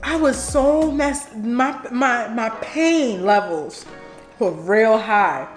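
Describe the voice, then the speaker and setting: A woman with a New York accent chats and tells stories over a meal, laughing easily. Her voice sits fairly high. The room is echoey, with faint music behind her. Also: animated, slow pace. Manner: chatty, laughs often, storytelling. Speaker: vlogger. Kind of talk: casual mukbang chat. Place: home room, eating at a table.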